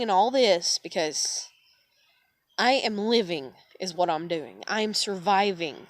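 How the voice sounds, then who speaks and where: A woman in her thirties vents to her viewers in a frustrated, stressed vlog, swearing often, exasperated, and trailing off into weary sighs. Her voice is on the low side, expressive, and measured in pace. The recording is dry with clean studio sound.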